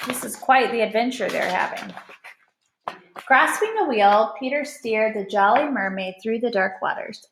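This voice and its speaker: A woman reading a picture book aloud in an animated way, pausing to ask the listener questions. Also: on the high side, vocal fry, a little hiss or hum. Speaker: storybook reader. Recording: roomy echo.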